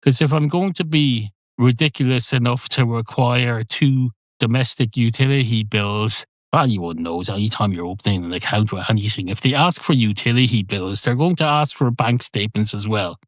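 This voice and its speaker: A man rambles through a deadpan stream-of-consciousness comic monologue, often correcting himself. His voice sits at a middling pitch. It is recorded close and dry, with no room sound. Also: moderate pace, few pauses, no echo. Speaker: comedy podcast host.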